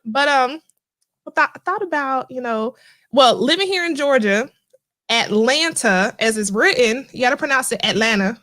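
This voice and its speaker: A woman from the American Midwest with a Midwestern accent, hosting a livestream and chatting in a storytelling way with animated asides. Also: high-pitched, moderate pace. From Midwest US (Cincinnati). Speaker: livestream host. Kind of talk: casual livestream chat.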